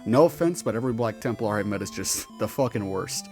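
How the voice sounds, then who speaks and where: A man's voice: fairly low pitch, expressive, a little fast, darkish tone, soft background music. Profane, exasperated monster storyteller, a man in character. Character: weary, sardonic male monster with tails. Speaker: roleplaying storyteller.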